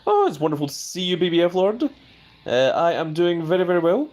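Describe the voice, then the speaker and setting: A man hosting a live stream. He chats casually, fills his talk with hedges, and his pitch jumps up whenever he reads out viewer comments. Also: very animated, brisk, darkish tone. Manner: hedging with many fillers.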